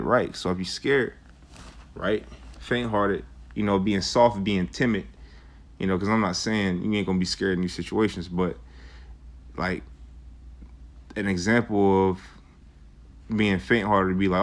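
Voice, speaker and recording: A man's voice: lowish voice, fairly even intonation, moderate pace. A young man talking casually about faith, full of slang and "you know," reading old verses aloud. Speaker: vlogger sharing scripture. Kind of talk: casual religious talk and scripture reading.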